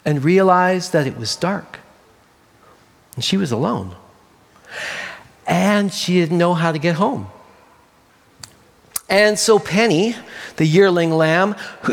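A man telling a children's story as a sermon, animated and playful, adding sound effects. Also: high voice, long reverb tail.

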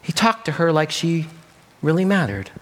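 A man telling a children's story as a sermon, animated and playful, adding sound effects. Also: on the high side, moderate pace, big-room sound.

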